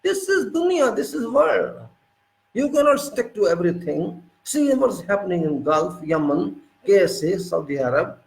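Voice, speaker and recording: A man's voice: high voice, very animated, normal speed, creaky, echoey room, poor audio. A man from India giving an emphatic, unscripted political monologue, firing off rhetorical questions. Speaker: political commentator.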